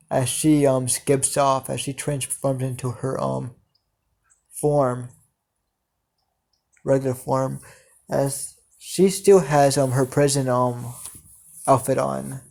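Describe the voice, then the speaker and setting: Guy making up a fan story as he goes, lots of ums, slow, gravelly flat voice. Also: mid-range voice. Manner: hesitant, many fillers. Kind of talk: improvised fan story narration.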